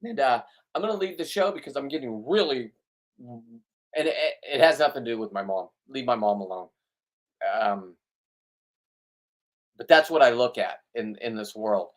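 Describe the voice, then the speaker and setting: A man's voice: medium pitch, normal speed, pauses often. A middle-aged man, ranting bluntly to his viewers in a rambling, riled-up monologue full of restarts. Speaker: vlogger. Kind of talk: ranting casual monologue to camera.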